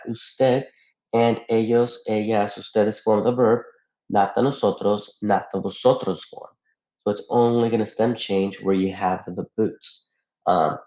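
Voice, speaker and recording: A man's voice: on the low side, a little mellow. A man teaching a Spanish grammar lesson, explaining patiently step by step and asking rhetorical questions. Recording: echoey room, dull lo-fi sound.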